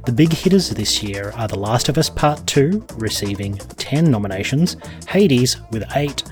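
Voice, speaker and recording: Male gaming news presenter, mid-pitched, quick scripted read, faint music under. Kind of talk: read news segment, then casual chat. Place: apartment beside a train line.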